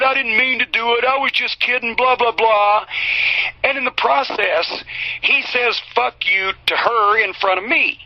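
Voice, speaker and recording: A man's voice: high voice, dry recording. A man telling a heated, profane story in an interview. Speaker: interview guest. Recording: slightly dull, dry recording.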